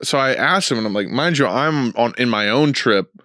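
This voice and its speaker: Young man, podcast host, mid-pitched, rambling profane stories, dry close sound. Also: animated, normal speed, sharp tone, no room sound. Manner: rambling, profane storytelling with fillers. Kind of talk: casual chat.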